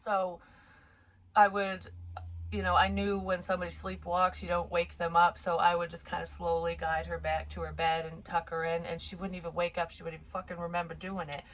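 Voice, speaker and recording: A psychic medium in her forties tells a personal story casually, frankly and profanely, wandering off into asides in a chatty way. Her voice is fairly low in pitch, level in tone, and fairly quick.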